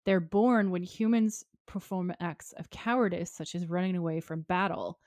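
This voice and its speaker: A woman's voice: lowish voice, moderate pace, no room sound, clean studio sound. A woman co-hosting a podcast, retelling a TV episode scene by scene in casual chat and acting out the quotes. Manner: animated retelling, acts out quotes. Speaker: podcast co-host.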